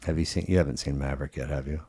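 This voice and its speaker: Podcast host, male, very low voice, laid-back and rambling, swears offhand. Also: racing, husky. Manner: relaxed, rambling, swears casually. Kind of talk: casual conversation.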